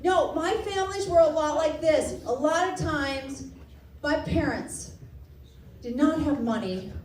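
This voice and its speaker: A woman from Texas doing a stand-up comedy set, animated and self-mocking, breaking into laughter. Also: high voice, a little slow, slight background noise. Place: comedy club stage before a laughing audience. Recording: roomy club sound, distant mic, loud crowd.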